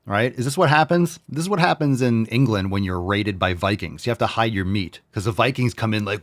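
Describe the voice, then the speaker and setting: A man's voice: fairly low pitch, brisk, hardly any pauses. A man hosting a podcast in casual chat, rambling, jokey and full of profanity. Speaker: podcast host.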